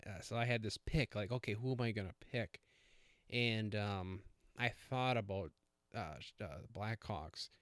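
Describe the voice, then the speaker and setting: A man's voice: mid-range voice, clean tone, dry recording. Rambling man with a dry sound. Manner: rambling, with many fillers and self-corrections. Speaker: podcast host. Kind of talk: casual solo podcast monologue.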